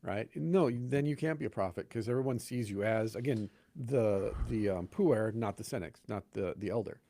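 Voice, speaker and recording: A man's voice: lowish voice, moderate pace, no room sound. A man, a pastor, talking casually in a podcast conversation, telling stories and acting out the voices of the people he quotes. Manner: animated storyteller, acts out quoted voices.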